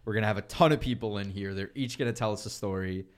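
A man's voice: fairly low pitch, fast. A young man hosting a podcast in casual chat, laughing often and stumbling over tricky names. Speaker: podcast host.

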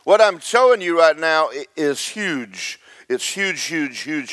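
A man preaching a sermon as pastor, swinging from slow loud emphasis to quick quiet asides. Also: on the high side, animated, no room sound.

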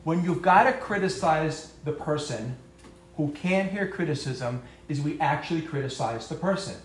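A man with a fairly high voice and lively intonation talks about marriage and parenting before a live audience at a normal speed. Conversational and self-deprecating, he acts out the voices he quotes, and the room is echoey.

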